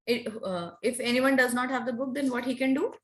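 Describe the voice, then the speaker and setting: A woman teaching a French class over a video call, drilling pronunciation slowly and patiently. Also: fairly high pitch, fairly bright tone. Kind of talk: online class lesson.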